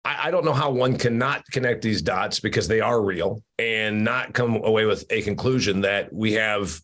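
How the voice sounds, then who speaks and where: A man's voice: fairly low pitch, normal speed, a bit bright. A man hosting an opinionated discussion over a video call, emphatic and teasing, with many restarts. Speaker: podcast host.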